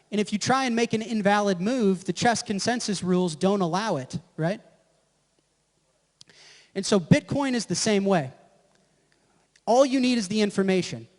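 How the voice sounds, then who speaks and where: Brash high-voiced man presenting in a hall. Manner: brash, profane, keeps checking with "right?". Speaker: conference presenter. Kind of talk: live presentation. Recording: echoey hall with long reverb.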